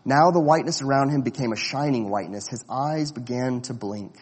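A man reads a children's story aloud in a measured, expressive voice at a middling pitch. His tone is breathy and husky, with a long echoing reverb around it. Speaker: narrator.

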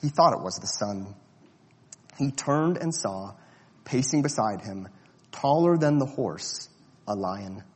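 A man reading a storybook aloud in a measured, expressive way. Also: lowish voice, breathy edge, big-room sound. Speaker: narrator.

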